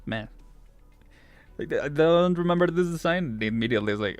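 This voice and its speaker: A male streamer chats casually and curiously while reading a game story aloud, laughing often. His voice sits fairly high for a man. The recording is dry and close-miked, with faint music in the background. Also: animated, normal speed, pauses often, no echo. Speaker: VTuber streamer.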